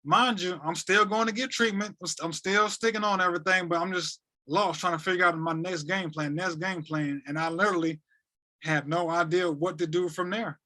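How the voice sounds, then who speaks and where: A young man from North Carolina, a podcast guest, retelling events in a loose, animated way with plenty of repetition and slang. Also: sits high, normal speed. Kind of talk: casual storytelling.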